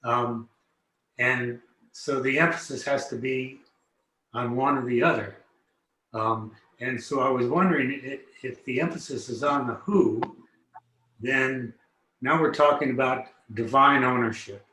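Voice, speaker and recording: Slow, tentative man in a roomy space. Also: mid-range voice, sharp tone, slight background noise. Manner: tentative, thinking aloud with fillers. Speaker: study group participant. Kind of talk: group study discussion.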